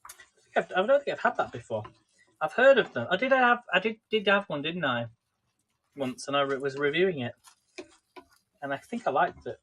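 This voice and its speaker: Brief: male livestream host, slightly higher voice, rambling friendly cooking chat into a phone. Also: expressive, normal speed, long pauses, fairly bright tone. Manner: rambling, chatty, addresses viewers by name. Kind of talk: casual live cooking chat.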